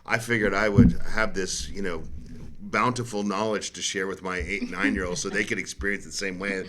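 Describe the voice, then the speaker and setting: A man's voice: sits low, fairly even intonation, fairly quick, background noise. A middle-aged man chatting casually as host, telling rambling stories and acting out what others said. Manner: rambling storyteller, acts out quotes. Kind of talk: casual chat.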